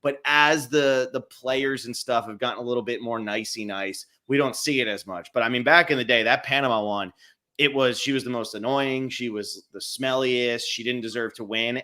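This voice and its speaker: A man's voice: medium pitch, normal speed, sharp tone. A man co-hosting a podcast, chatting casually and rambling through a recap of a reality show, laughing now and then. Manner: rambling, amused, laughs often. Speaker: podcast co-host.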